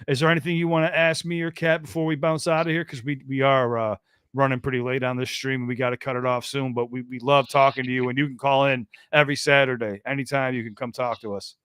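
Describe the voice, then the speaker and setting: An American man hosting a call-in podcast, talking casually and excitedly, often restarting his phrases. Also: medium pitch, quick pace, clear, resonant tone, no room sound, clean studio sound. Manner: chatty, repeats himself and restarts phrases. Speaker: podcast host taking calls.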